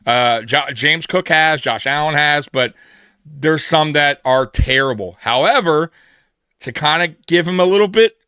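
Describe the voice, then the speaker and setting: A man's voice: fairly high pitch, unhurried, pushed and bright, clear, resonant tone, no room sound, studio quality. A man co-hosting a live sports pregame show, talking emphatically and acting out quoted dialogue to make his point. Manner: emphatic, repeats himself, acts out quoted dialogue. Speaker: podcast co-host. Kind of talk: casual sports talk.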